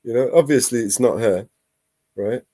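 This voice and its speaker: A man's voice: medium pitch, moderate pace, dark tone, dry recording. A man hosting a live stream, chatting casually and sarcastically, laughing and swearing often.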